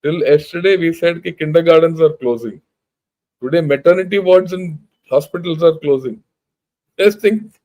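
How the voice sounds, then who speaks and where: An older man with an Indian English accent, a retired general who hosts a channel, speaks in a fairly high, slightly mellow voice at normal speed. He gives a blunt, emphatic informal talk, reading out news conversationally and restarting his sentences often.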